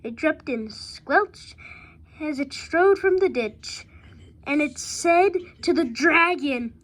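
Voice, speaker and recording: A woman reading a rhyming picture book aloud with a steady rhythm. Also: high-pitched, takes it slowly. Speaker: reader.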